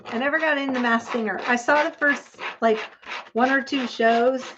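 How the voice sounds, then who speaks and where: A woman's voice: high voice, fairly even intonation, moderate pace. A woman hosting a casual craft-along livestream, chatting with viewers and thinking aloud as she measures and cuts. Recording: dull, lo-fi home stream with clear background noise.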